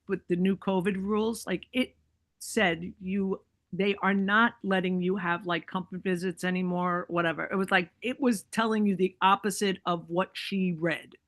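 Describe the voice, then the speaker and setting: A woman's voice: lowish voice, no echo. Woman, podcast guest, casual storytelling, chatty, dry close sound. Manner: chatty, many likes and you-knows, acts out quoted voices.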